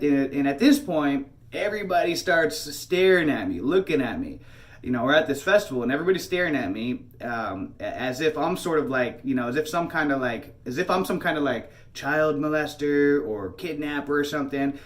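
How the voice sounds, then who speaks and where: A man's voice: a little high, normal speed. A man casually telling a personal story, rambling with many fillers and restarts. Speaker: channel host.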